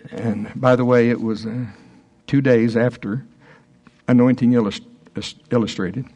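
Minister in his sixties, casual teaching to a small group; halting delivery with frequent restarts. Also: mid-range voice, steady tone, mellow, dull audio. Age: 60s. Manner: halting, stops and restarts often, chuckles between thoughts. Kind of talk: informal teaching talk.

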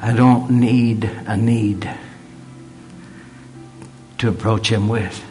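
A man's voice: lowish voice, steady tone, extremely slow, a little mellow, soft background music. A man preaching a sermon in an earnest way, repeating phrases for emphasis and dropping in humorous asides.

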